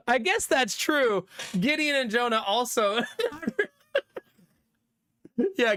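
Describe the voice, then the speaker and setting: A man in his thirties chatting casually with his stream viewers, reading their messages aloud and laughing often. His voice is bright and clear. His pitch swings widely as he talks. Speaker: livestreamer.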